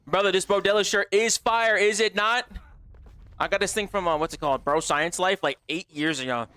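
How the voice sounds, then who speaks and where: Brash, high-voiced gaming streamer guy. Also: fairly quick, bright, forceful tone, smooth, no room sound. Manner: brash, profane, joking, talks straight to chat. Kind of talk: casual livestream chatter.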